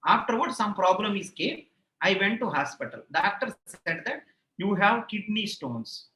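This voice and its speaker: Rambling Indian English teacher, echoey room. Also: male voice, sits high, expressive, normal speed, sharp tone. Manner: repeats phrases, rambling anecdotes, playful self-mockery. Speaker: online exam-prep teacher. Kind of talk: chatty aside in a live class, answering chat.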